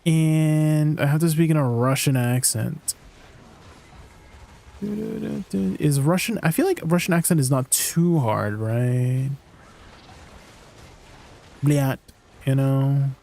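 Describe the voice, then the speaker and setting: A man's voice: a little high, lively intonation, slow pace, creaky, mellow. A man livestreaming a game, chatting casually in a rambling way with lots of fillers and laughing at himself. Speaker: streamer.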